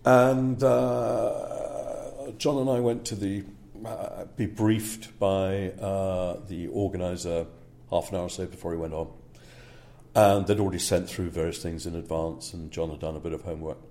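In a casual interview, a man discusses his work as a speaker agent. His voice is low, mellow and creaky, with fairly even intonation and a measured pace. He hesitates with fillers and often checks in with the listener with "yeah?"

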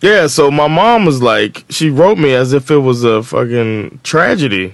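A man's voice: mid-range voice, animated, normal speed, gravelly, no room sound. A middle-aged man co-hosting a podcast, chatting loosely and rambling with lots of filler words. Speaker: podcast co-host. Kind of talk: casual chat.

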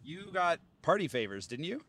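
A man's voice: a little high, sing-song, moderate pace, a bit bright. A young man co-hosting a podcast, bantering in a teasing, upbeat way from inside a moving car. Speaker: podcast co-host. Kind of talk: casual chat.

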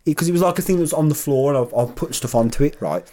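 A man's voice: a little high, very fast. A young man co-hosting a podcast, telling stories in casual chat and swearing freely. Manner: animated, swearing storyteller. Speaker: podcast co-host.

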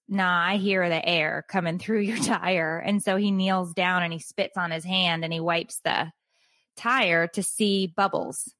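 This woman co-hosts a podcast and, in a relaxed storytelling chat, animatedly recounts events and performs other people's lines. She's middle-aged, with a lowish, fairly bright voice recorded dry, free of any room sound.

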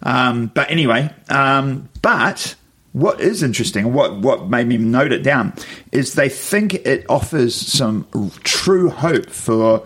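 A man's voice: medium pitch, expressive, takes it slowly, fairly bright tone, breathy edge. A man co-hosting a podcast in casual chat, rambling with many fillers and restarts. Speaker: podcast co-host.

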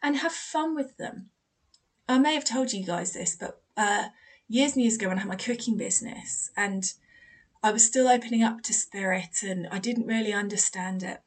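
A woman's voice: mid-range voice, normal speed. A woman hosting a spiritual advice podcast as a medium, chatty and encouraging, acting out quoted dialogue in her stories.

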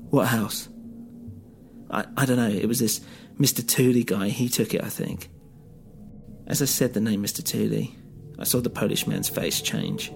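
Gravelly man narrating a tense story. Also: lowish voice. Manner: tense, suspenseful telling. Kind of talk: first-person story narration. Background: music.

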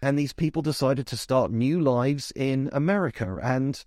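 A man's voice: mid-range voice, normal speed, a little mellow, no echo. Chatty male film reviewer, dry close sound. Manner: chatty, restarts often, explains with asides. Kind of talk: casual spoken review.

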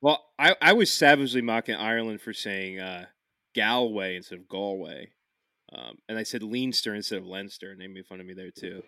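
Male co-host from Philly, bright punchy voice, animated and profane, dry close sound. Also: lowish voice, no room sound. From Philadelphia. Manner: animated, profane, quick storyteller. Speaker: podcast co-host. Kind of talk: casual chat.

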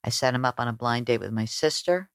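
Woman telling a story in an interview, animated, slips into voices, dry mic. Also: rumbling low, fast talker, no room sound. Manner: animated, acts out quoted voices. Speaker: guest. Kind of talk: conversational storytelling.

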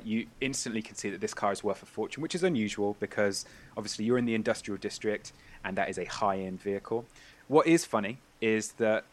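Low-voiced man narrating a tabletop game. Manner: descriptive, halting with fillers and restarts. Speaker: game master.

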